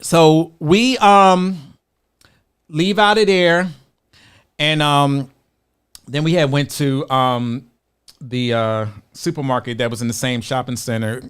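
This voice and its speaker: A man's voice: a little high, steady tone, takes it slowly, pauses often, a bit bright, clear, resonant tone. A man co-hosting a podcast, telling a long story in casual chat, acting out the voices he quotes and laughing often. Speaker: podcast co-host.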